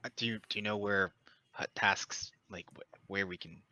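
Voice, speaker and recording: A man playing in a tabletop game, speaking haltingly with lots of restarts. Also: on the low side, fairly even intonation, pushed and bright. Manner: halting, hesitant, many restarts. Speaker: player. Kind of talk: casual tabletop game chat. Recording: dull lo-fi mic.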